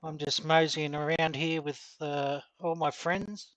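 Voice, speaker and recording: A man's voice: on the high side, steady tone, unhurried, fairly bright tone, no room sound. Australian male streamer, middle-aged, easygoing and talkative, dry close-miked sound. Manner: chatty, reads out and answers viewer comments. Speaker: gaming streamer. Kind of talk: casual live-stream chat while gaming.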